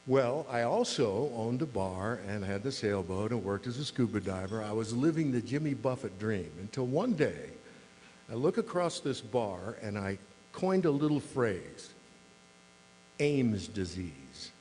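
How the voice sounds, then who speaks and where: A man's voice: mid-range voice, expressive, moderate pace, darkish tone. A man in his sixties who is a mayor, giving a humorous speech to a club with dry, self-deprecating storytelling on a podium microphone. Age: 60s. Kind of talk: humorous after-dinner speech. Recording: long hall reverb, faint mains hum.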